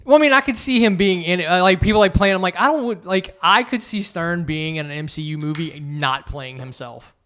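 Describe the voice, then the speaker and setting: Smooth-voiced, rambling male co-host. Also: high-pitched, brisk, hardly any pauses, a bit bright. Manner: rambling, self-correcting, profane. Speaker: podcast co-host. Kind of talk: casual chat.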